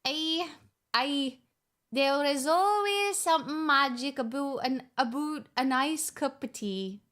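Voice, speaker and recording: A streamer voicing a playful mock Scottish reader, reading aloud slowly in a sing-song way with a put-on Scottish accent. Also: female voice, high voice, fairly bright tone. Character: playful woman doing an exaggerated Scottish brogue.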